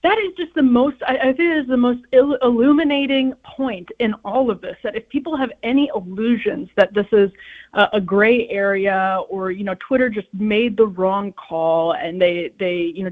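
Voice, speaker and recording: An indignant woman guest making her points with quick emphasis. Her voice comes down a thin, tinny phone line. Her pitch sits in the middle. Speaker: guest commentator. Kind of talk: radio interview by phone.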